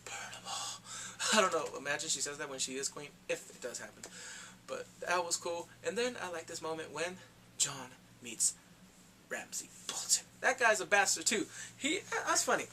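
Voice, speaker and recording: An excitable man chatting through a TV episode recap in a loose, slangy way, now and then jumping into little impressions of the characters. His voice sits a bit high and sounds bright and forceful, with a faint hiss of noise behind him. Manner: excitable, slangy, acts out characters in quick asides. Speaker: TV recap vlogger.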